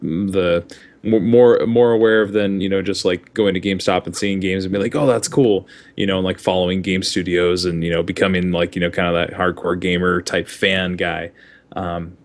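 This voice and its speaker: A man's voice: sits low, level tone, moderate pace. A man guest telling a story in casual chat, with many fillers.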